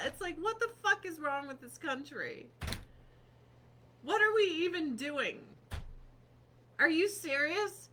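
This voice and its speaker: Brief: bright, animated woman in her thirties, sarcastic and profane, livestreaming from home. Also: sits high, slow pace, pauses often. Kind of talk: casual livestream chat. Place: home office corner at her desk.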